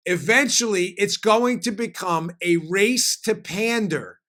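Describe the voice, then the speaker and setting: A man hosting a political commentary podcast, talking in an animated, emphatic way with frequent fillers. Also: high-pitched, takes it slowly. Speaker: podcast host.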